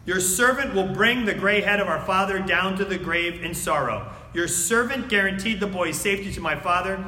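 A man preaching a sermon and reading scripture aloud, swinging between loud emphatic lines and hushed, near-whispered words. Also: high voice, a little hiss or hum. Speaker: pastor. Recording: echoey hall.

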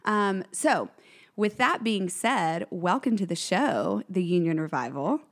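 A woman's voice: medium pitch, expressive, unhurried. A woman co-hosting a podcast in casual chat, bubbly and enthusiastic. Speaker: podcast co-host.

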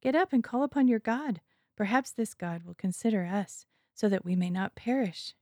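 A woman's voice: mid-range voice, animated, moderate pace, warm tone, no echo, studio quality, close to an everyday voice. A woman voicing a frightened male ship captain who pleads urgently.

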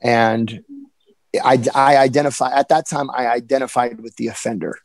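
An earnest young man tells his own story candidly. He has an average-pitched voice and often stumbles and restarts mid-sentence. The sound is dry and close. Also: fairly even intonation, vocal fry, no echo, low-quality recording. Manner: earnest, halting with frequent restarts. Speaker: personal storyteller. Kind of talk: candid personal account.

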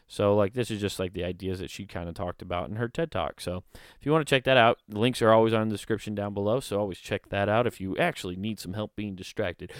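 A man's voice: lowish voice, fast talker, clean tone, no room sound, clean studio sound. A young man vlogging in a casual, rambling, jokey way, riffing into comic bits. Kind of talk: casual comedic commentary.

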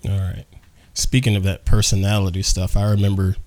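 A man's voice: low voice, level tone, brisk, darkish tone. A man hosting a casual podcast, laid-back and teasing as he chats. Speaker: podcast host.

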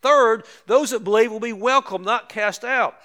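High-voiced older male pastor preaching. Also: normal speed, sharp tone. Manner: conversational preaching with emphatic repetition and asides. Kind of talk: sermon.

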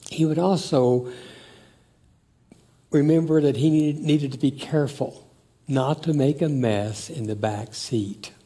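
An older man telling family stories in a slow, reflective, emotional way. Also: on the high side. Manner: slow, warm, emotional storytelling.

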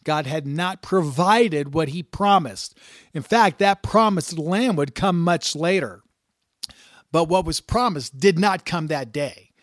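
A man's voice: a little high, slow pace, no room sound, clean studio sound. A man teaching scripture in a sermon style, emphatic, reading passages aloud and repeating key words for stress. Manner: frequent "uh" fillers and restarts. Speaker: Bible teacher.

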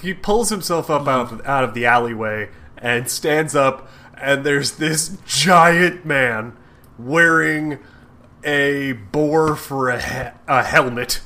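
Bright-voiced man, profane and laughing. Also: medium pitch. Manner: profane, laughing, acts out characters in goofy voices. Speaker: podcast co-host. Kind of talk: casual comics podcast chat.

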